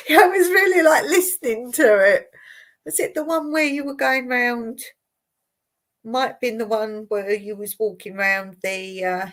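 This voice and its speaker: A woman from Surrey with a southern English accent, chatting casually to viewers as host of a live stream, often repeating words and laughing. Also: medium pitch. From Surrey, England. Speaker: livestream host.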